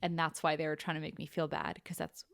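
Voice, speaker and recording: A woman's voice: deep voice, very animated, quick pace, creaky, fairly bright tone, no echo, clean studio sound. A young adult woman hosting a podcast, telling a personal story frankly and bluntly, swearing casually and saying "like" often. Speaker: podcast host.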